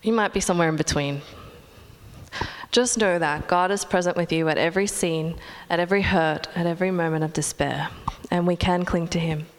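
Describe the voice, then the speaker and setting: A young woman delivers a sermon in an earnest, measured tone, pausing to let her points settle. Her voice sits fairly low for a woman and carries a long reverb, as if spoken in a large hall. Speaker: preacher.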